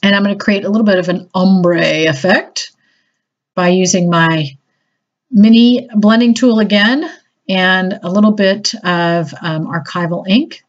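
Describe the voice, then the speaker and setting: A woman's voice: medium pitch, measured pace. A woman chatting enthusiastically through a casual craft tutorial, a little self-deprecating. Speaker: crafting demonstrator. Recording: slightly dull lo-fi audio.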